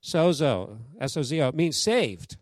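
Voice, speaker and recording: A man's voice: fairly high pitch, measured pace, no echo. A man preaching a sermon as pastor, telling a story and urging the congregation to respond. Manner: exhorting the congregation, lively call-and-response.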